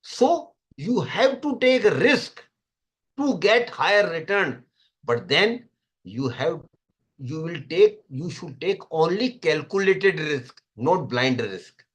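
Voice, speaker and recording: A man's voice: on the high side, big pitch swings, slow pace. A middle-aged man with an Indian English accent, giving a classroom lecture on money and repeating key points emphatically so listeners can take notes. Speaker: financial literacy speaker.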